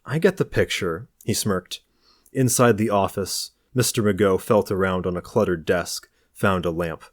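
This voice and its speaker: Male audiobook narrator: deep, measured, dry close recording. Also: no echo. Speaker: audiobook reader. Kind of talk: novel narration.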